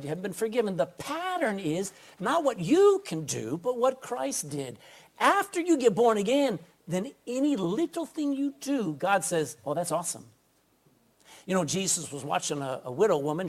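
A man's voice: high voice, sing-song, normal speed. A man preaching a sermon to a congregation, folksy and emphatic, often calling for an amen. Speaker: pastor. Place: indoor room with a congregation.

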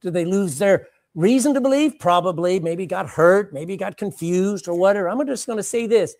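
A woman preaching a sermon, dramatic and animated, repeating phrases for emphasis and swinging between loud and hushed. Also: medium pitch, moderate pace, no room sound.

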